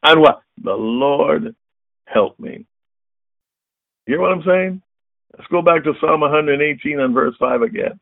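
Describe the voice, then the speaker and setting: An older man preaching a fiery sermon, booming and emphatic, calling out questions and answering them himself. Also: unhurried, creaky, pauses often, dry recording. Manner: booming, emphatic, call-and-response. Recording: tinny phone-like sound.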